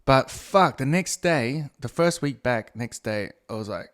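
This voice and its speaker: A middle-aged man hosting a podcast by himself, drifting from topic to topic. He swears freely and jokes at his own expense. His voice sits at an ordinary male pitch. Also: lively intonation, a little slow, a bit bright. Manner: profane, rambling, self-mocking. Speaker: podcast host. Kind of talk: casual solo podcast monologue.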